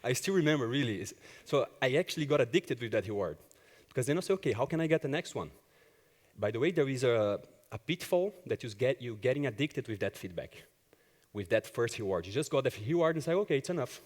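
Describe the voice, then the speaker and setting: A man's voice: mid-range voice, quick pace, in a large hall. A man who works as an agile coach gives a conference talk, telling personal stories and acting out the dialogue. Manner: animated storyteller who acts out dialogue. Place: conference hall stage.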